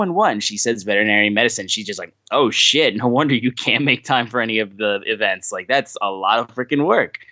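A young man co-hosting a podcast, telling stories in a casual, animated way and acting out what others said. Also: lowish voice, no echo, muffled recording. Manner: animated, acts out quoted voices, swears casually. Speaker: podcast co-host.

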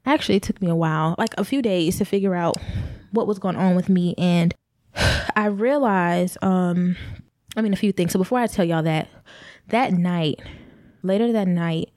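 A woman's voice: on the low side, normal speed, darkish tone, dry recording, clean studio sound. A young pregnant woman candidly telling a personal story to her viewers, rambling a little and speaking to them directly. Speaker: vlogger.

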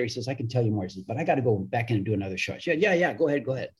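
A man's voice: mid-range voice, lively intonation, racing, hardly any pauses, slightly rough. A man telling a casual anecdote, chatty, repeating words as he goes and acting out the quotes. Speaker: guest storyteller.

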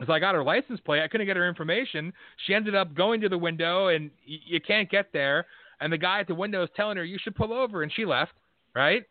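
Quick-paced and high-voiced, the host of a casual conversation tells a blunt, profanity-filled story, getting more worked up along the way. The audio is tinny phone-line quality with no room sound.

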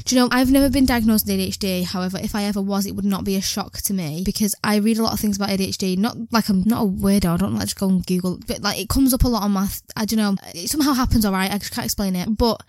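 A young British woman with an English accent rambles through a solo podcast, jumping between thoughts and dropping swear words. Her voice sounds mid-pitched. The recording is dry and close. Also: very fast, hardly any pauses, darkish tone, no echo. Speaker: podcast host.

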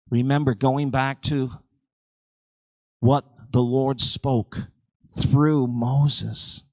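A male pastor delivering a sermon, swinging between loud, driving surges and quiet, conversational asides. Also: mid-range voice, drawn-out words, long pauses, dry recording, low-quality recording. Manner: animated preaching with sudden surges and drops in volume.

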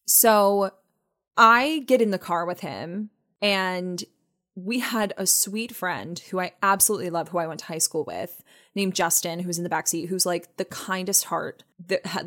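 A young woman co-hosting a chat podcast, telling a personal story in an animated way and acting out what people said. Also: on the low side, moderate pace. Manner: animated, acts out quoted voices. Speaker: podcast co-host.

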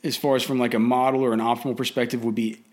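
A man's voice: medium pitch, little pitch movement, quick pace, a little mellow. A man giving casual fantasy football and betting commentary in a blunt, opinionated way, often restarting and repeating words.

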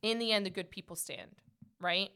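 A woman hosting a podcast, chatting casually and acting out quick quoted asides. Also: mid-range voice, clear, resonant tone. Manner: animated, talks fast with quick quoted asides. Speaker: podcast host. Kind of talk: casual chat.

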